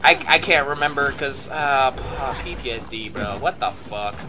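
A man giving live gameplay commentary, excitable and profane, muttering one moment and shouting the next. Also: medium pitch, moderate pace, over music.

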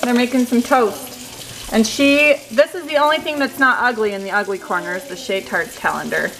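Chatty young mom, echoey home. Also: female voice, on the high side, normal speed, fairly bright tone. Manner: chatty and giggly, full of "like" fillers. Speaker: family vlogger. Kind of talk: casual family vlog. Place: busy family home with children.

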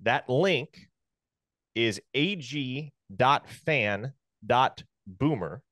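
Wry, lively-voiced male co-host. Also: mid-range voice, extremely slow, no echo, clean studio sound. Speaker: podcast co-host. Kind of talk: casual sports chat and ad reads.

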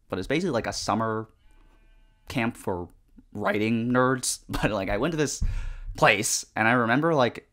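A young man chatting casually while playing a game, rambling with lots of fillers and swearing at the game. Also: lowish voice. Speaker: gaming vlogger. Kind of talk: casual chat over gameplay.

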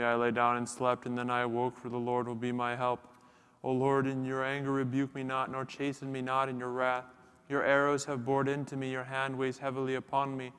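A man chanting psalms and prayers in a church service, in a steady monotone. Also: medium pitch, clear, resonant tone. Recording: long church reverb.

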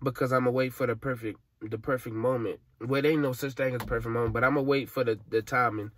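A tearful young vlogger from Alabama, USA, vents emotionally to the camera in a medium-pitched, steady voice, talking fast over slight background noise. He's frustrated, rambling, profane, and slangy.

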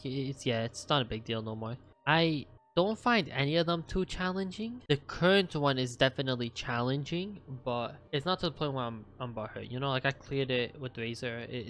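A man's voice: medium pitch, fairly bright tone, slight background noise. A young man hosting a gaming channel, casually reading out his game account stats in a chatty, offhand way and swearing now and then.

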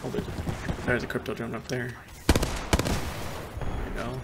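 A man giving excitable, panicky live commentary on his own gameplay, muttering to himself between outbursts. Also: medium pitch, slow pace, heavy background noise. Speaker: gameplay streamer. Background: loud gunfire from the game.

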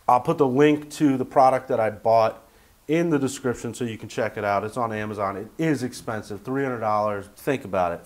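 A man chatting casually to camera as a vlogger from his tiny house, rambling and jokey with lots of fillers. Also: lowish voice.

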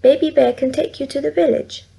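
A woman's voice: high voice, steady tone, brisk, vocal fry, warm tone, dull audio, voice pushed up. A woman with a Vietnamese accent voicing a kind mother bear in a soothing way.

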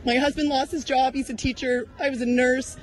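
A woman in her thirties confronting a news crew outdoors at a protest, accusing them with rapid rhetorical questions. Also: high-pitched, little pitch movement, poor audio. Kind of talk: heated street confrontation.

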